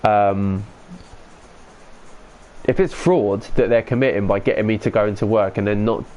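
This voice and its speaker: A man's voice: lowish voice, normal speed, darkish tone. A young man streaming a football game, chatting casually with viewers, laid-back and sweary. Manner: laid-back, sweary, reads chat aloud. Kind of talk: casual live-stream commentary.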